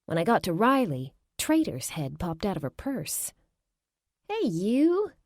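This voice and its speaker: A woman's voice: lowish voice, sing-song, normal speed, dry recording, studio quality. A woman narrating a first-person fantasy romance audiobook, lightly voicing the heroine.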